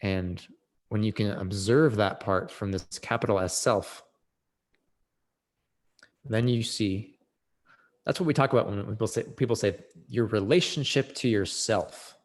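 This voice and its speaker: A man's voice: fairly low pitch, measured pace, pauses often. A man speaking as a podcast guest, explaining emotional healing in an earnest, explanatory way, rising sharply for emphasis. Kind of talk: reflective conversation on emotional healing.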